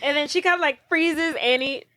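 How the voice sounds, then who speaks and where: A woman's voice: high-pitched, fairly quick, bright, forceful tone, dry recording. A young woman co-hosting a podcast, chatting casually about a movie and acting out its lines as she retells the scenes. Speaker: podcast co-host. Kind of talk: casual chat recapping a movie.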